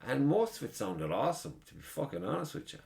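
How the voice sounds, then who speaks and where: A man's voice: mid-range voice, huge pitch swings, quick pace, vocal fry, a little mellow. An Irish man hosting a podcast, telling rambling, profane stories in a casual chat. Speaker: podcast host.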